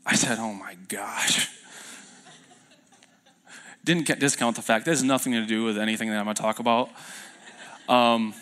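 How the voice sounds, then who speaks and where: A man's voice: medium pitch, steady tone, fast, a bit bright, smooth. A young man preaching a sermon as pastor in a church, telling stories in a loose, self-deprecating way with fillers and restarts. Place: church sanctuary.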